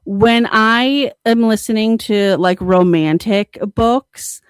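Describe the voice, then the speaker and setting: A young woman co-hosting a podcast, chatting casually with lots of fillers and excited bursts. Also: a little high, takes it slowly, clear, resonant tone, no echo. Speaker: podcast co-host. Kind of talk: casual chat.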